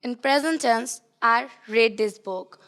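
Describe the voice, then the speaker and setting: Student girl reading her example out, slow and smooth, bit high. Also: sharp tone. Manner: reciting an example aloud in class.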